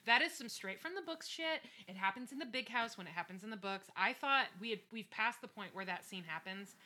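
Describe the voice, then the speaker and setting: A woman co-hosting a casual podcast, recapping an episode with lively enthusiasm and frequent swearing. Her voice is very bright and sharp, at a middle pitch for a woman. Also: fairly quick. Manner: enthusiastic, profane, animated. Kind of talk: casual chat.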